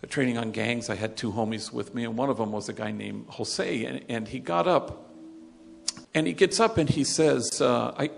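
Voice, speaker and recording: A man telling a moving story to an audience in a recorded talk, getting loud as he retells it and going quiet as he reflects. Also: mid-range voice, normal speed, gravelly. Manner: earnest storyteller, rising loud in retold moments, dropping quiet in reflection. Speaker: speaker on gang work.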